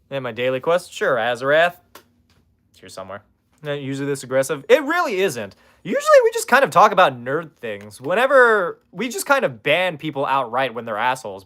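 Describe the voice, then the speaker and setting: A man's voice: mid-range voice, pushed and bright. A man streaming from his room in casual chat, sarcastically roasting viewers and swearing freely.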